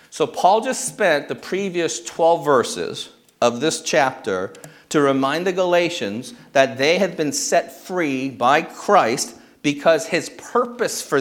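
Male pastor, a touch high in pitch, steady teaching-sermon delivery that checks in with the room. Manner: checks in with the congregation with frequent "okay?". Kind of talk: expository sermon.

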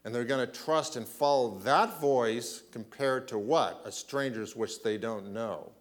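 A man preaching a sermon, asking rhetorical questions and often clearing his throat. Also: mid-range voice, unhurried. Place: church.

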